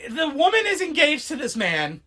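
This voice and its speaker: A woman's voice: high-pitched, normal speed, a crowd in the background. A woman co-hosting a casual podcast, telling a story with lots of laughs and quotes. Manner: animated, laughing storyteller, quotes people in put-on voices. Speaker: podcast co-host. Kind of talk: casual chat.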